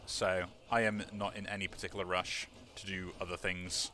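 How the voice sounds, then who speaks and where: Bright-voiced man rambling over gameplay. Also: deep voice, flat delivery, moderate pace, slight background noise. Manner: rambling, many fillers like "like" and "um". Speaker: let's play host. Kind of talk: casual gameplay commentary.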